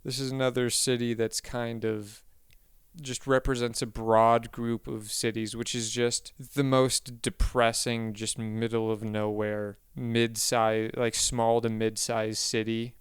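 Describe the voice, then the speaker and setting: Rambling man with a smooth, dry voice. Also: medium pitch, unhurried, no echo. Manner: rambling, self-correcting, deadpan asides. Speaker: comedian. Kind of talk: rambling comedic monologue.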